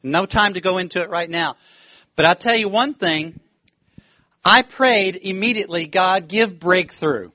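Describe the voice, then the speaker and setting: Bright-voiced, animated male preacher. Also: high-pitched, moderate pace, long pauses, dry recording. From United States. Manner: animated, laughing, acts out quoted voices. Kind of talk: sermon with storytelling. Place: church.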